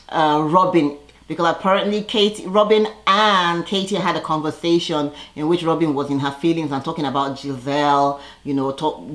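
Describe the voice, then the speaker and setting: A woman vlogger giving a casual, opinionated recap commentary, chatty and full of fillers. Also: low-pitched.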